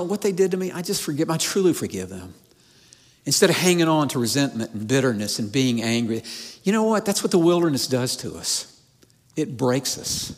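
A man preaching a sermon as pastor, earnest, repeating phrases and restarting lines for emphasis. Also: mid-range voice. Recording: long reverb of a large hall.

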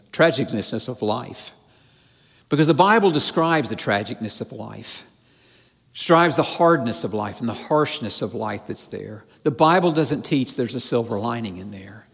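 A man's voice: mid-range voice, fairly bright tone, slightly rough. Earnest male preacher in a reverberant hall. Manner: earnest preaching with repeated phrases and restarts. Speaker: pastor. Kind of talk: sermon. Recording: long reverb of a large hall.

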